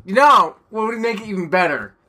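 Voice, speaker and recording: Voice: medium pitch, lively intonation, brisk, bright, forceful tone. A podcast co-host in casual chat, making dry, sarcastic asides and swearing casually.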